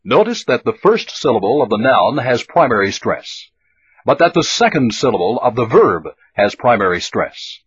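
A man giving measured, scripted instructions and questions for a language drill. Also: mid-range voice, sing-song, slightly rough. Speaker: lesson prompter. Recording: dull lo-fi old tape recording.

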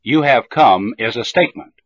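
Slow, careful male drill teacher, lo-fi tape. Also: mid-range voice, animated, no room sound. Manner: slow, careful, deliberate enunciation. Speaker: language teacher. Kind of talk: slow scripted language drill. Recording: dull lo-fi old tape recording.

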